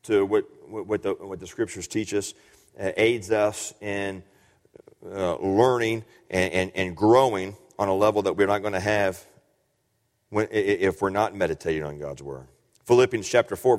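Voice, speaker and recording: A man preaching a sermon, his voice pitched slightly low and carrying a long reverb from a large hall. He teaches earnestly, often halting and repeating words before pushing on. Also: darkish tone.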